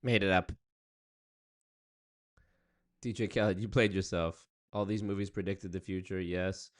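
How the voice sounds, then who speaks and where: Deep-voiced man streaming casually. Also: steady tone, a little fast. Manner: loose, rambling, profane. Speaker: streamer reacting to chat. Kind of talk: casual livestream chat.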